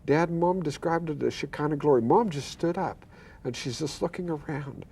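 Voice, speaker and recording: A man's voice: fairly high pitch, moderate pace, vocal fry, a little mellow, slight background noise. Earnest older man telling a testimony. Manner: earnest storyteller who quotes voices and stammers. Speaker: pastor and guest.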